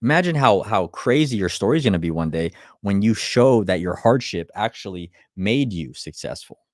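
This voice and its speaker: Here a man with a fairly low voice and lively intonation talks at a moderate pace, giving a live motivational speech that's blunt and laced with profanity. Rhetorical questions come one after another, and his excitement trips him into restarts. It sounds dry and close-miked, with no room echo.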